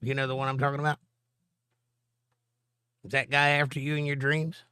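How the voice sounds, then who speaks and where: A man's voice: medium pitch, flat delivery, moderate pace, pushed and bright, clear, resonant tone, dry recording, clean studio sound. A middle-aged man, hosting a live stream and reading viewer comments aloud with a joking, chatty manner. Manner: joking, chatty, answers chat directly.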